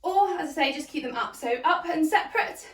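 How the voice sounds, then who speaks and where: A woman's voice: high voice, animated, a little fast, echoey room, far from the mic. A woman leading a hoop workout, out of breath, cheering people on and counting down the reps. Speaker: fitness instructor. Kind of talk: workout instruction.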